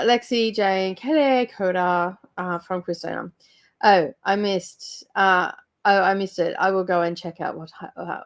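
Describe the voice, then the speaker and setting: Giggly woman chatting on stream. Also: medium pitch. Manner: chatty, giggly, greets chat by name. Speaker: book club livestream host. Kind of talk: casual livestream chat.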